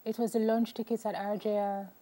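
Jamaican woman talk show host, mid-pitched, affirming interviewer with steady murmurs. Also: brisk. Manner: affirming, frequent mm-hmms.

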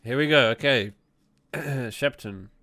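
A man's voice: medium pitch, unhurried, sharp tone, dry recording. A man giving jumpy horror gameplay commentary, reading the game's text aloud and reacting with laughs and swearing. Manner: reads on-screen game text aloud. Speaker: gaming YouTuber. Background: game music.

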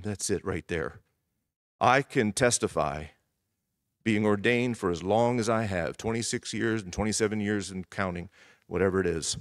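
A middle-aged male pastor giving a sermon in church, emphatic and repeating key phrases, sometimes dropping to a hushed voice. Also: lowish voice, a little slow, no room sound.

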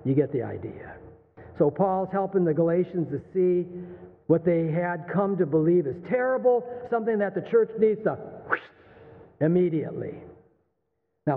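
A man's voice: sits high, normal speed. A man in his sixties, a pastor with a Texan accent, preaching a conversational sermon in a church. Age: 60s. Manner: conversational, animated, laughs and asks the room. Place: church sanctuary. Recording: phone-like, thin sound with long hall reverb.

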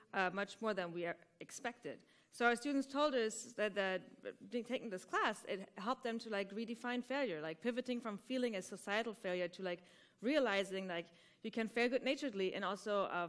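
A woman's voice: mid-range voice, a bit bright. A woman teaching improv who explains a game step by step to a conference audience, often checking in with "right?". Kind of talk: conference talk.

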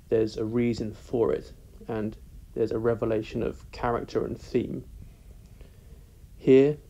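A man with a British accent teaching literature in a measured, deliberate way, leaning on key words. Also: medium pitch, vocal fry, mellow, poor audio. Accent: British English. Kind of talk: recorded lesson.

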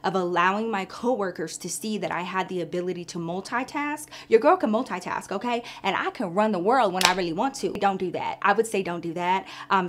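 A woman vlogger telling a story in casual, animated chat, often calling her listeners girl. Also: mid-range voice, slight background noise.

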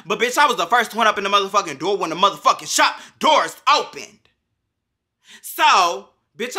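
Guy vlogging a storytime, cussing nonstop, voice sits up high, super bright and sharp. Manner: profane, dramatic storytelling, heavy slang. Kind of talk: casual storytime rant.

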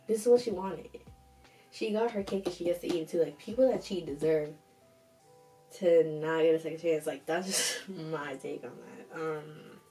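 Host, young woman: sassy, chatty storytime reader, low mellow voice, roomy echo, a bit off-mic. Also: distant mic. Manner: sassy, chatty, reacts with slang asides. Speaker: host reading viewer stories. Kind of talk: casual storytime commentary.

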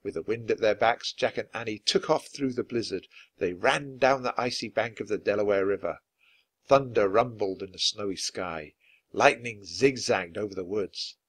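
A man reading a children's chapter book aloud, narrating clearly and expressively. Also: on the low side, normal speed. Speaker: storybook reader.

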